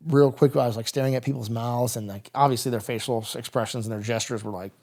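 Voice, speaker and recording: A middle-aged American man, a guest on a podcast, recounting a combat story in halting speech full of fillers and restarts. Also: medium pitch, fairly even intonation, darkish tone.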